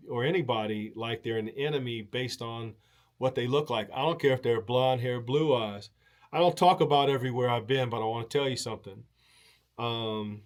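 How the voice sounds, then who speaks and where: A man hosting a show, telling a rambling, casual story with many fillers, restarts and casual swearing. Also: mid-range voice. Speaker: show host.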